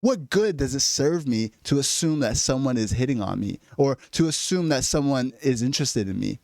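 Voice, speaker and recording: A man's voice: mid-range voice, lively intonation, moderate pace, vocal fry, darkish tone, dry recording. A man delivering an exasperated, profane comedic rant straight to camera. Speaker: vlogger. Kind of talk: ranting comedic monologue.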